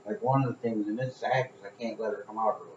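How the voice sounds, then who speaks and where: Low-voiced man rambling in an echoey room. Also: steady tone, fast talker, slight background noise. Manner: rambling storytelling, swears, laughs at own stories. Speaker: podcast co-host. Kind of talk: casual chat. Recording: echoey room, dull sound.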